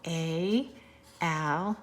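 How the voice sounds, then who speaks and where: A woman teacher with a low voice records a sight-word lesson for young children. She spells the words slowly and clearly in a playful, sing-song way.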